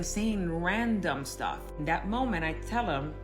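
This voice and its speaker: A woman's voice: medium pitch, lively intonation, moderate pace, few pauses, faint music behind. A woman casually recounting a painful personal story, emotional and rambling with frequent fillers. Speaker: storyteller recounting her marriage.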